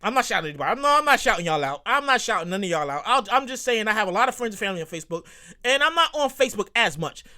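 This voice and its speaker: A podcast host with a New York accent, ranting solo in a comedic way, who gets excited, repeats phrases and swears freely. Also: mid-range voice.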